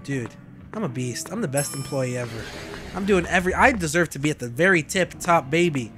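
A young man streams a game, chatting and joking with a fairly high, lively voice. He slips into put-on voices for the characters. Music plays behind him throughout. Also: brisk. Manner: animated, jokey, puts on voices for game characters. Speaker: gaming streamer. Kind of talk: playing a game, voicing its characters.

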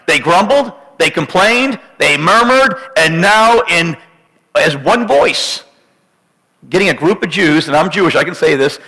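A man preaching a sermon with high, gravelly intensity, his bright, forceful delivery ringing through a church sanctuary with a long reverb. He builds emphatic, dramatic points and breaks them up with joking asides to the congregation. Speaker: pastor.

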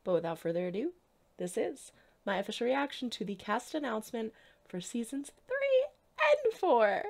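A woman's voice: on the high side, big pitch swings, moderate pace, vocal fry, darkish tone. A woman hosting a reaction video, talking with bubbly, gushing enthusiasm. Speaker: reaction channel host. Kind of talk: excited reaction vlog.

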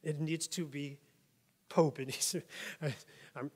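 A pastor from New York preaching a conversational sermon, often laughing and checking in with "right?". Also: male voice, a little high, steady tone, unhurried, slightly rough. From New York, USA. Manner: chatty, laughs often, keeps asking "right?".

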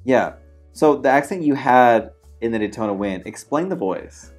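Teasing podcast host. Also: male voice, medium pitch, lively intonation, moderate pace, soft background music. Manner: teasing, playfully blunt. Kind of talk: casual chat.

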